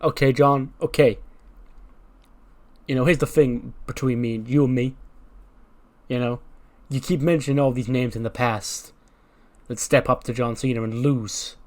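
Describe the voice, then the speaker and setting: Brief: cocky young male wrestler, man voicing him, slow taunting emphasis. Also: mid-range voice, fairly even intonation, darkish tone, lightly acted.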